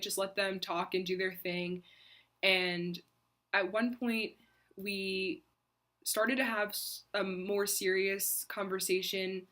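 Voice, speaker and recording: A young woman vlogger telling a personal faith story in an earnest, reflective way, with soft pauses and fillers. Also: mid-range voice.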